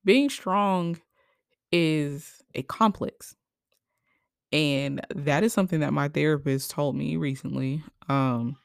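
A young woman hosting a personal podcast, speaking emotionally and haltingly, with many fillers, and at times crying. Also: deep voice, creaky, no echo, studio quality. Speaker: podcast host. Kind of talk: personal reflective monologue.

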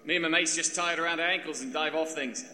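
A man's voice: fairly high pitch, fairly even intonation, quick pace, pushed and bright, in a large hall. A man voicing a brash young New Zealand thrill-seeker with a laid-back, matey manner and a New Zealand accent. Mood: easygoing.

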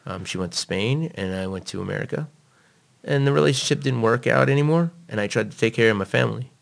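A man being interviewed, telling a personal story in a blunt, profane, animated way. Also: medium pitch, quick pace, vocal fry.

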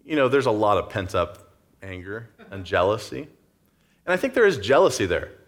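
A man's voice: on the low side, big pitch swings, moderate pace. A man preaching a sermon in a conversational way, acting out the story's scenes. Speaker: pastor.

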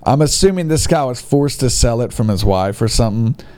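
A man giving comedic commentary with mocking, sarcastic quick asides. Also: medium pitch, expressive, dark tone. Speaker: host.

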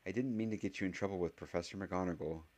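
A man voicing a friendly young salesgirl with a hushed, conspiratorial manner. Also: low-pitched, fast talker.

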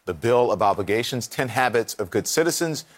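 A man's voice: mid-range voice, expressive, fairly quick. A man anchoring a morning news show, reading headlines and asking probing questions conversationally. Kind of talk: live TV news interview.

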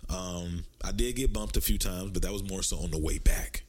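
A man with a deep voice and a Southern US accent, hosting a podcast in casual, animated storytelling chat. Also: normal speed. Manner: animated storytelling, swings up in pitch for emphasis. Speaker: podcast host.

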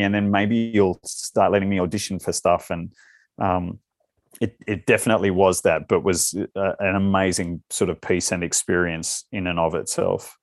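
A man's voice: sits low, fairly even intonation, moderate pace, dry recording. A man with an Australian accent, talking as an actor guest in a casual interview and giving loose, rambling answers that circle back on themselves.

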